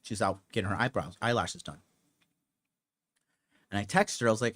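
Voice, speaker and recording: A man's voice: fairly low pitch, brisk, fairly bright tone. A young man hosting a podcast, telling a personal story in a blunt, rambling, profane way with lots of fillers. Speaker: podcast host. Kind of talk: casual storytelling monologue.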